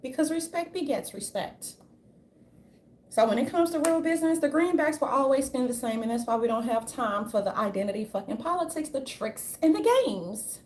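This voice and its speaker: A woman giving an unscripted commentary rant, brash and profane, with a sassy, animated delivery. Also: high voice, moderate pace, a little hiss or hum. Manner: brash, profane, sassy, repeatedly says "darling"; animated, jumps into mocking voices. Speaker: commentary vlogger.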